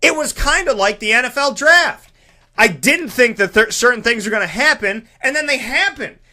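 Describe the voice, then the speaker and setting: A man hosting a radio show, talking in an animated, emphatic monologue and acting out the voices he quotes. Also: extremely high pitch, normal speed. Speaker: radio host and broadcaster. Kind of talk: energetic monologue.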